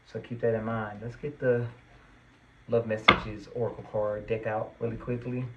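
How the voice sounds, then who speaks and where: A man's voice: fairly low pitch, flat delivery, normal speed, lo-fi sound, heavy background noise. Earnest, emphatic man reading tarot. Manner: earnest, reassuring, gets worked up and emphatic. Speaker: tarot reader.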